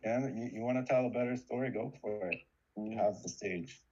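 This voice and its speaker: A man in loose, joking banter, mock-formal and quick to swear. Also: on the low side, darkish tone, husky, dull audio.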